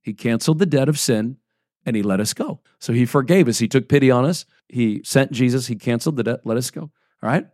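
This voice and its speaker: A pastor in his forties preaches in a relaxed, chatty, brisk way, reading scripture aloud and then breaking off into plain-spoken asides, checking in often with "right?" and "okay?". His voice sits at an ordinary middle pitch for a man. The recording is close and dry, with no room sound or echo.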